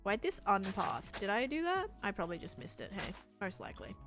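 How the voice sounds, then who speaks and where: A woman's voice: mid-range voice, wildly swooping pitch, fairly quick, fairly bright tone, faint music behind. An Australian woman chatting on a live game stream, thinking aloud as she builds and answers her chat.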